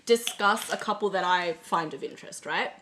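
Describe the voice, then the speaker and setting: A woman's voice: lowish voice, lively intonation, moderate pace, a bit bright. A young Australian woman hosting a casual chat podcast, often breaking into giggles. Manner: giggly, laughs often between words. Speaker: podcast host.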